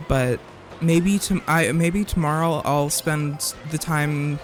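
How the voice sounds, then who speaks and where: A man's voice: a little high, slow pace, soft background music. A man live-streaming a game in casual chat, reading viewers' messages aloud and arguing back with plenty of swearing and rambling restarts.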